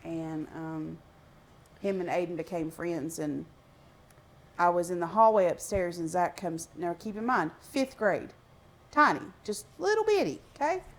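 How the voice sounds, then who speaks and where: A woman co-hosting a podcast, telling stories in an animated, chatty way. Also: on the low side, measured pace, rough recording. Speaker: podcast co-host. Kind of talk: casual chat.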